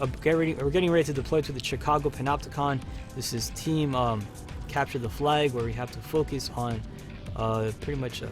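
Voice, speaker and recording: A chatty man hosts a live game stream, talking nonstop over his match at an ordinary mid pitch. He turns excitable and calls his teammates comrade. Faint game music plays behind him. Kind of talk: gameplay commentary.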